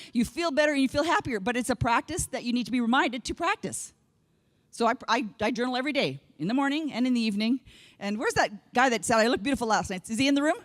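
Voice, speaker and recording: A woman from Canada giving a humorous keynote speech, an animated storyteller who acts out what people said. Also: high voice, in a large hall. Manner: animated storyteller acting out quotes. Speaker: keynote speaker. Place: large conference hall.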